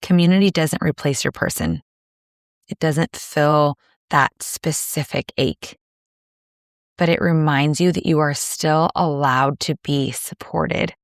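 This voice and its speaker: A woman hosting a solo podcast, speaking in a gentle, soothing, measured way with pauses. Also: deep voice, no room sound, clean studio sound. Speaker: podcast host. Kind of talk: reflective solo podcast monologue.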